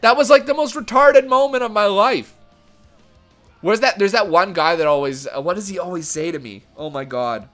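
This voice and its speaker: A man hosting a video game let's-play, doing excitable mock play-by-play and shouting at big moments. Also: high-pitched, normal speed, faint music behind. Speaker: gaming channel host.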